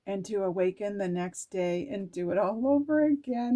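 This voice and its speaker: A woman reads oracle card messages aloud in a slow, drawn-out way, her pitch sitting mid-range for a woman. She breaks off into gushing exclamations, close to tears as the words move her. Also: dark tone, muffled recording. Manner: gushing, exclamatory, laughing, often near tears. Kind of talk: emotional reading of oracle cards aloud.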